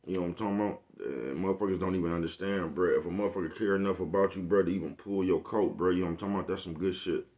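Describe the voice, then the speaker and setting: Deep-voiced guy vlogging, laid back, swears a lot, keeps asking if u get him. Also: fairly even intonation, racing, few pauses, darkish tone. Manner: laid-back, profane slang, keeps checking in with the listener. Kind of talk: casual monologue.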